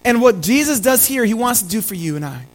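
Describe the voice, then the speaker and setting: A man's voice: high voice, animated, a little fast, rough recording. A pastor preaching a sermon. He speaks earnestly, repeats key phrases and calls his listeners family.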